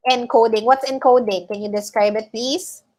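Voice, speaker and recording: A Filipino-accented woman teaches a class over a video call, her voice sitting fairly high. She explains patiently and keeps checking in with her listeners between points. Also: steady tone, normal speed, darkish tone, a little hiss or hum. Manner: explains patiently, often checking in with "okay?" and "all right?". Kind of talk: online class lecture.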